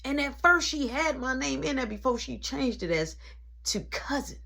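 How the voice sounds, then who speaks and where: A man's voice: very high voice, normal speed, gravelly. Young guy with aave telling a story, voice jumps all over. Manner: animated, acting out the people in the story. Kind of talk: casual storytelling.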